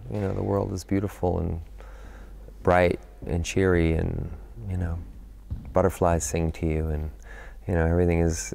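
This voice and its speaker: Very deep, gravelly-voiced man in an interview. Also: a little mellow. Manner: thoughtful, searching for words, frequent "you know" fillers. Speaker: actor interviewed about his film. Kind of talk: press junket interview.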